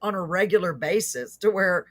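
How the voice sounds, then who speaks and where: A woman hosting a live online talk show, bubbly and quick, laughing often as she chats with her guests. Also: fairly low pitch, expressive, a bit bright. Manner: bubbly, laughs a lot, fast-talking. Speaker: host.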